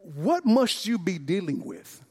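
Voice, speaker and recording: A man pastor preaching a sermon, acting out dialogue with lively emphasis and repeated words. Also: high voice, a little slow, slightly rough. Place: church sanctuary. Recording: long church reverb.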